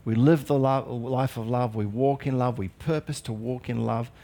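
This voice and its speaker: A man's voice: mid-range voice, fairly even intonation, normal speed, gravelly, warm tone. A male pastor preaching a sermon in an earnest, emphatic way with light humorous asides.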